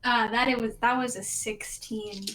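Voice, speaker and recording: Woman player, fairly high voice, stammering, faint noise behind. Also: fairly even intonation, a bit bright. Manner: stammering, halting, lots of fillers. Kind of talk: playing a tabletop game.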